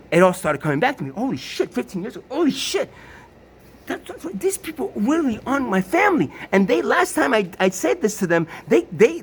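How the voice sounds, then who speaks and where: A man's voice: high voice, breathy edge, low-quality recording. Agitated, rambling middle-aged man. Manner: rambling, agitated, profane, stammering. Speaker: vlogger. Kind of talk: emotional personal monologue.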